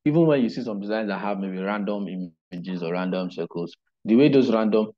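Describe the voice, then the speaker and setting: Deep-voiced man teaching a class. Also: highs cut off. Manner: unhurried, explanatory, asks "right?" often. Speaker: digital marketing instructor. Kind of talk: live online class lecture.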